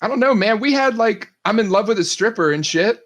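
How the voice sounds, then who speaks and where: A man's voice: sits high, lively intonation, a little fast, dull audio. A young man co-hosting a podcast, chatting casually with a wry, teasing manner. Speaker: podcast co-host.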